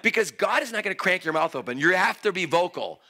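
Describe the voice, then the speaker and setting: A man preaching an energetic altar call in a church, excitable and playful, exclaiming and joking with the crowd. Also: sits high, fast, gravelly. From Greek heritage. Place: church sanctuary.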